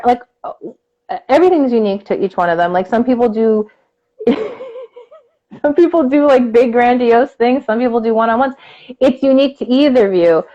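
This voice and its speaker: Casual storyteller, woman, slightly high voice, animated, does little character voices. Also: muffled recording. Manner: animated, acts out the people in her story, many fillers. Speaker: co-host.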